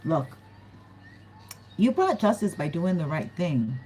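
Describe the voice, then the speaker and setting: A woman's voice: on the low side, big pitch swings, takes it slowly, mellow, breathy edge, low-quality recording. A woman giving a casual, chatty tarot reading to her viewers, often giggling and acting out what other people might say. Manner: chatty, giggly, acts out quoted voices. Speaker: tarot reader.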